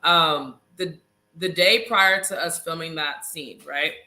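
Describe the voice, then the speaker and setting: A woman in her thirties telling a dramatic story in a casual interview, animated and talking straight to viewers. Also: low voice, slow pace. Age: 30s. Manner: animated, dramatic, addresses audience as y'all. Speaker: reality show cast member, guest; nurse.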